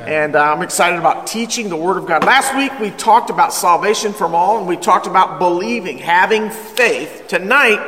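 A man preaching a sermon as pastor, energetic and emphatic, calling the congregation to respond. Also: high voice, normal speed, hardly any pauses. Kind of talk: sermon, Bible study teaching. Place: church hall with live congregation. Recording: echoey hall with long reverb.

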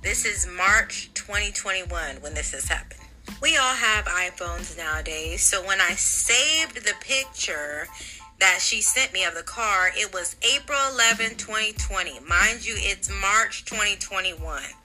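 Very bright-voiced woman, animated storytime, soft music under it. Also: mid-range voice, unhurried, low-quality recording. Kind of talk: casual storytime.

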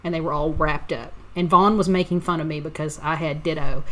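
A woman's voice: low voice, steady tone, a little fast. Chatty laughing woman co-host. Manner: laughs often, chatty storytelling. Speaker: podcast co-host. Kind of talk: casual chat.

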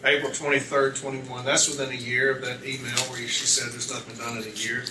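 Speaking fairly quickly in a level, mid-range voice, a male union advocate works through witness questioning at an arbitration hearing. He's methodical, reading documents aloud and fixing page numbers; the echoey room, distant mic and background noise are noticeable.

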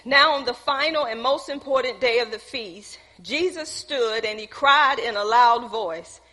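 A high-voiced woman preaches a sermon in a hall with a long, trailing reverb. Her tone is bright and slightly husky. She keeps putting questions to the congregation and slips in casual asides between the scripture. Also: unhurried.

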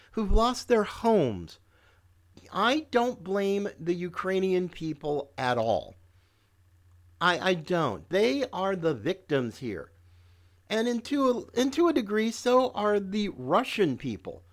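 A woman delivers a combative political monologue, talking straight at her listeners. She speaks slowly and lets her pitch swing widely as her sarcasm builds. She keeps her tone biting. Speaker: podcast host.

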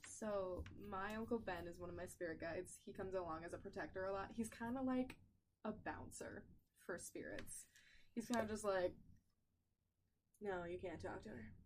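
Animated, swearing woman storyteller. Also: medium pitch, normal speed, slight background noise. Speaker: podcast co-host. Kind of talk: casual chat.

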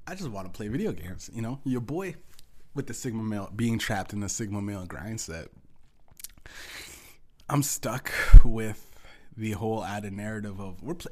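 A man's voice: lowish voice, darkish tone. Rambling, profane male podcast host. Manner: rambling, profane, lots of restarts. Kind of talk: casual storytelling.

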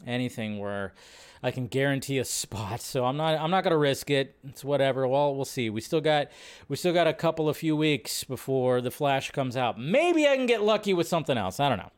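A man's voice: medium pitch, moderate pace, clear, resonant tone. A man hosting a casual livestream, chatting with viewers and reading their messages aloud. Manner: chatty, greets viewers and reads chat aloud; talks to himself while fixing his setup. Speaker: livestream host. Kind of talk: casual live-stream chat.

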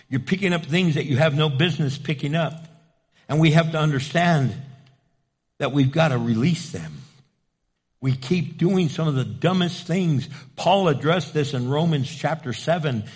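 A man's voice: fairly high pitch, slightly rough. A male preacher giving a sermon, emphatic and repetitive, driving points home with rhetorical questions. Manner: emphatic, repeats key phrases, asks rhetorical questions.

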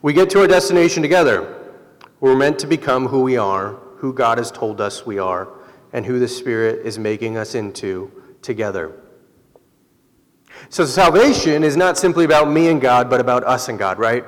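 A pastor preaching in a reverberant hall. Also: male voice, mid-range voice, normal speed. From Southern California. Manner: relaxed, conversational storytelling with laughs. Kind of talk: sermon.

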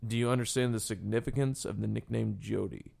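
A man's voice: lowish voice, fairly even intonation, brisk, vocal fry, darkish tone. A man hosting a casual podcast chat, blunt, with crude jokes.

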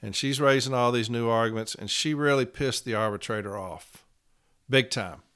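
Speaking as a union rep, this man gives a straightforward account in a casual podcast monologue and repeats the case numbers slowly. His voice sits at medium pitch with a fairly bright tone.

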